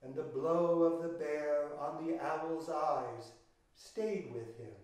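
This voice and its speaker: An older man with a high voice tells a children's story at a slow, unhurried pace, full of drama and speaking straight to his young listeners. He sounds set back from the mic in a very echoey room. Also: a little mellow, recorded from a distance. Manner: dramatic, with gasps and sung chants, speaking directly to the listeners.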